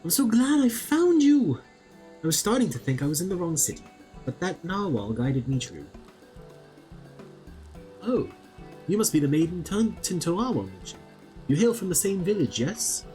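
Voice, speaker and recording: A man playing a shrill, scolding young woman. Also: sing-song, normal speed, long pauses, dark tone, soft background music. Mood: relieved, eager. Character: anxious young woman scolding her reckless friend. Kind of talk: reading game dialogue aloud.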